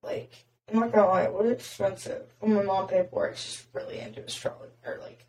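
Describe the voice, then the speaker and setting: Raspy young woman chatting, roomy sound. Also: medium pitch, sing-song, a little fast, darkish tone. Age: young adult. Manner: chatty, heavy filler "like". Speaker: podcast host. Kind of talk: casual chat. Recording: roomy, distant mic.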